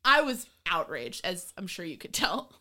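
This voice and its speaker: A woman co-hosting a casual movie-review chat, ranting in an animated, exasperated way with swearing and mocking voices. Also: lowish voice, normal speed. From of Irish descent. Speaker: podcast co-host.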